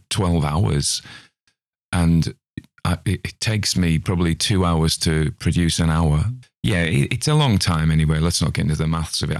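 A man's voice: very deep voice, gravelly, darkish tone, no echo, studio quality. An Australian man hosting a podcast, chatting loosely about a ghost story with rambling, self-mocking asides. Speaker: podcast host. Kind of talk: casual spoken commentary on a ghost story.

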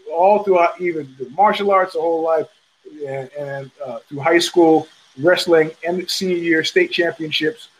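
Poor audio captures a middle-aged podcast host, voice on the high side, meandering through casual fight commentary. He stumbles often, with lots of filler words, restarts and profanity.

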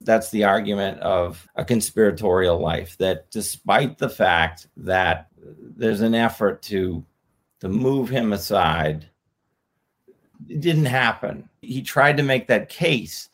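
A slightly hoarse man, an author guest on a podcast, explaining his argument in an earnest way and repeating his phrases. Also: fairly low pitch, expressive, takes it slowly. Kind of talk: podcast interview.

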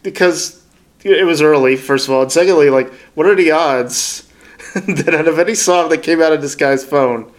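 A man's voice: fairly high pitch, moderate pace. A man co-hosting a podcast in casual chat, rambling through anecdotes and laughing often. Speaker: podcast co-host.

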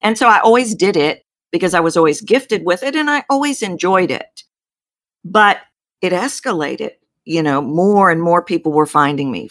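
Low-voiced Texan woman, dry close sound. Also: no room sound. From Texas. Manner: animated storytelling with pitch jumps. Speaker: voice coach. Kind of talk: interview guest.

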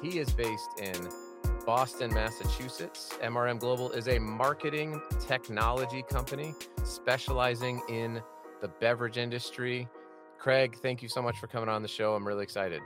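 A man's voice: medium pitch, fairly even intonation, moderate pace, over music. Chatty, upbeat male podcast host. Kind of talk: casual podcast interview.

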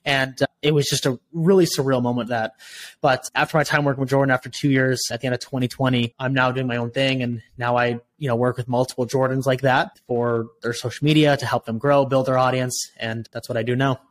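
A man's voice: mid-range voice, level tone, brisk. A young man on a podcast, casually telling his career story and acting out both sides of past conversations. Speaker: guest, social media strategist and videographer.

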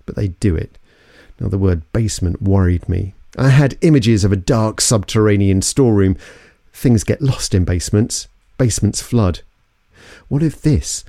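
Low, mellow male storyteller. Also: dry recording, studio quality. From London. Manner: suspenseful storytelling. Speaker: podcast narrator. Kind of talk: scripted investigative narration.

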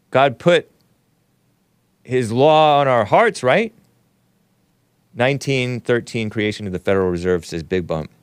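Rambling talk host, smooth and dry. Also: male voice, dry recording. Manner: rambling, laughs often, mock-surprised jumps in pitch. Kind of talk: casual livestream commentary reading chat.

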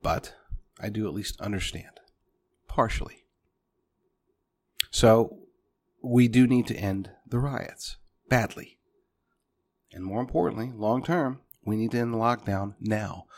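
A man's voice: lowish voice, measured pace, long pauses. A man delivering a punchy political commentary monologue, speaking directly to his listeners as folks.

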